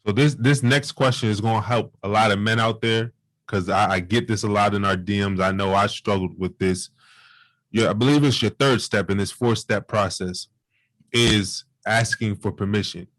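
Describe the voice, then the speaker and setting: A man's voice: lowish voice, fairly even intonation, normal speed, a bit bright, no room sound, low-quality recording. A man hosting a podcast, asking long earnest questions. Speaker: podcast host. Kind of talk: interview questions.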